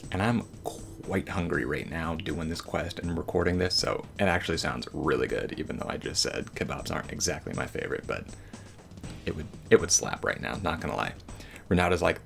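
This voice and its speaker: A man's voice: sits low, sing-song, fairly quick, vocal fry, faint music behind. A man giving casual, rambling gameplay commentary as a voice-over, slangy and joking.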